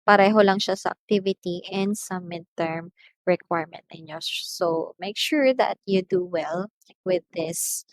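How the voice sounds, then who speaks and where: A woman's voice: on the low side, unhurried, no room sound, rough recording. A woman with a Filipino accent, an English teacher giving a recorded lecture, stressing words to show pronunciation and slipping into Tagalog asides.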